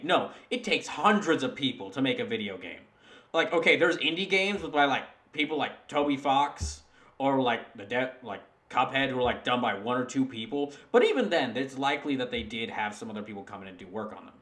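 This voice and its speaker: A man's voice: mid-range voice, a bit bright, echoey room. A British man streaming a game, talking in a chatty, rambling way with many restarts. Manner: rambling, self-correcting, chatty. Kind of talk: casual gameplay commentary.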